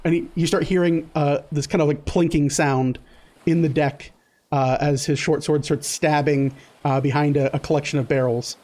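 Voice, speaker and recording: A man running a tabletop game as game master, narrating in a loose, halting way full of fillers. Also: a little high, flat delivery, warm tone.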